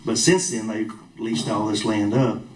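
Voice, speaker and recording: A man's voice: fairly low pitch, steady tone, a little slow. A man preaching a sermon in a church hall, telling a personal story in a folksy, plain-spoken way. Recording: roomy echo from a distant mic.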